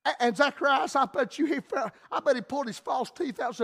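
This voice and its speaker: A man's voice: very high-pitched, quick pace, gravelly, hardly any pauses, a bit bright. A man with a Southern US accent preaching a radio sermon in a folksy, down-home manner.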